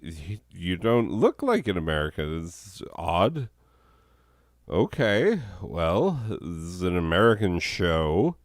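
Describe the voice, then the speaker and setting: A hoarse, sick man hosting a comedy show, rambling in a deadpan way with chuckles and coughs. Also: deep voice, slow pace, hardly any pauses, dry recording, studio quality.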